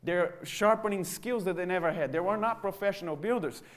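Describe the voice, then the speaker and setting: A man preaching a sermon, who talks in a lively way and acts out the mocking voices of other people. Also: high voice, fairly quick. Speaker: pastor. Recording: church sermon audio.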